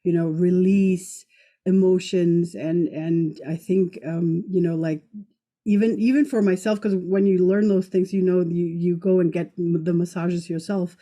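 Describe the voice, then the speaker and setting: Woman podcast host, mellow dark voice, rambling with restarts. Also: fairly low pitch, steady tone, measured pace. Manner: warm and rambling, hesitant restarts. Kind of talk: casual podcast conversation.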